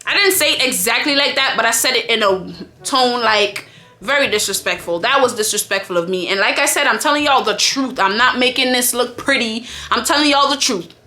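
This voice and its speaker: A woman's voice: fairly high pitch, a little fast, bright, forceful tone. A woman from Jamaica telling a story time to her vlog, chatty, candid and profane. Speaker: vlogger.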